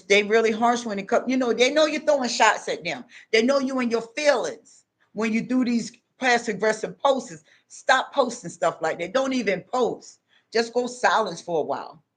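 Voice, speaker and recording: A woman's voice: mid-range voice, a bit bright. Middle-aged woman vlogger, preachy and emphatic, repeats every point. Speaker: advice vlogger. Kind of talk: casual advice monologue.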